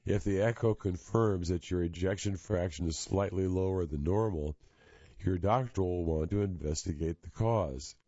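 A hoarse man with a very low voice reads articles aloud in a steady, plain way, now and then stumbling on a filler. His tone is dark and mellow, and the sound is dry and a little dull. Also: normal speed, dry recording. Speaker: reading service volunteer reader. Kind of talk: reading articles aloud for radio.

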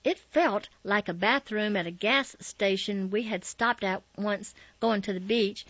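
A woman narrating a memoir in a calm, measured reading. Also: mid-range voice, dry recording. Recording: slightly dull, dry recording.

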